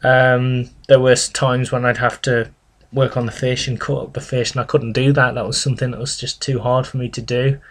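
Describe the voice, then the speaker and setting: A young man, telling his own experiences in a vlog in an earnest, halting way, full of "you know" and "sort of". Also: medium pitch, level tone. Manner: earnest and reflective. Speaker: vlogger. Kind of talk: personal confessional vlog.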